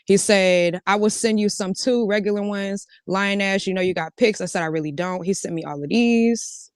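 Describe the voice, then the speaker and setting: A woman's voice: medium pitch, moderate pace, clear, resonant tone, no echo, clean studio sound. A woman telling a casual storytime, reading out a chat exchange line by line and switching between "he said" and "I said". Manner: recounts a back-and-forth, switching between "he said" and "I said". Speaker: storytime vlogger.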